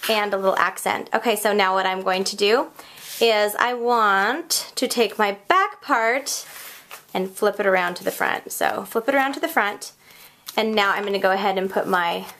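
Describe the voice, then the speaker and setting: A woman's voice: mid-range voice, a bit bright. A woman hosting a casual crafting tutorial at home, chatting and joking about her mistakes as she works. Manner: chatty, self-deprecating, talks while working. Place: home craft room, kids heard elsewhere in house.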